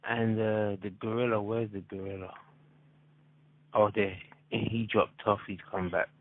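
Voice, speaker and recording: A man moderating a debate, announcing the rounds in an unhurried, matter-of-fact way. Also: lowish voice, little pitch movement, dry recording. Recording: dry phone-like line.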